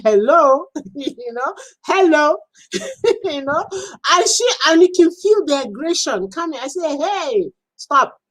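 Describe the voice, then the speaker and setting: A woman coaching on a live stream in a chatty, animated way, laughing often and acting out little quoted exchanges. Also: on the high side, poor audio. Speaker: business and social media coach.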